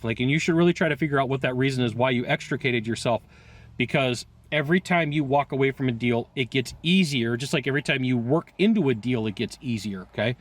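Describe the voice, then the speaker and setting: A man talking casually to camera as a sales coach, animated and quick, laughing often and breaking into asides. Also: medium pitch. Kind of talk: casual video talk to camera. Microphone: headphones on, recorded live.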